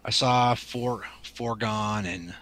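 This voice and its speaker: Bright-voiced man rambling about games. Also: lowish voice, slow pace, poor audio. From Pacific Northwest. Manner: rambling, full of ums and restarts. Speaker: podcast co-host. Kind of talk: casual chat.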